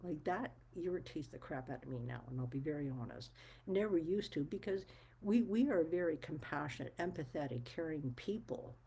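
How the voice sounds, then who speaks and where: A woman speaks candidly to her viewers in a casual monologue. Her voice sits low and mellow, with a husky edge. She is blunt and emphatic and curses freely as she makes her case. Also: animated, moderate pace, low-quality recording. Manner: blunt, frank, swears freely; firm and emphatic. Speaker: vlogger.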